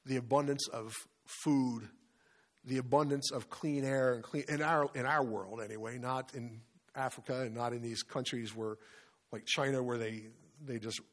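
A man's voice: mid-range voice, fairly even intonation, moderate pace. A middle-aged man preaching a sermon in an earnest way, often asking his listeners questions. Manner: earnest, asks many questions. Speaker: pastor or Bible study leader.

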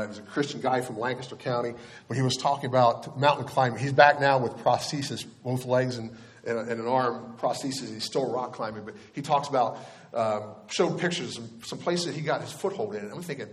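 A middle-aged male pastor preaching a conversational sermon, with casual asides and questions to the congregation. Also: medium pitch.

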